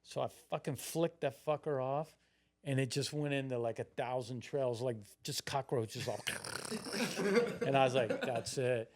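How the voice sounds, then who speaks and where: A man in his sixties tells a long, loose story as a podcast guest. He curses freely and slips into the voices of his younger self. His pitch sits in a middling range for a man. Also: lively intonation, a little slow. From Florida, United States. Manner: rambling, heavy swearing, acts out his own past lines. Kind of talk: casual storytelling.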